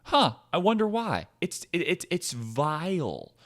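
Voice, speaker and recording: Podcast host, male, sarcastic profane ranter, very lively pitch swings. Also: a little slow. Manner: profane, sarcastic, swings between low mutter and loud outbursts. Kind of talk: ranting commentary.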